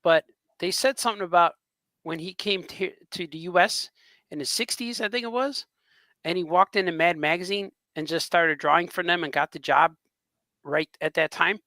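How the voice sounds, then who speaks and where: A man, a cartoonist co-hosting a podcast, chatting casually and telling rambling, excitable stories, often laughing as he talks. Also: high-pitched, moderate pace, dry recording. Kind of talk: casual chat, storytelling.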